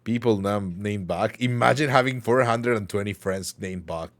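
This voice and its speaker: A man's voice: lowish voice, moderate pace. A man hosting a livestream talk show, chatting casually and playfully with his chat, rambling and joking with mock anger.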